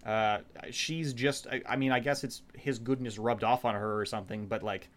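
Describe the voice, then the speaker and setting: A man in casual chat, recapping a show in a rambling, profane way and quoting the characters in quick voices. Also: medium pitch, steady tone, fairly bright tone.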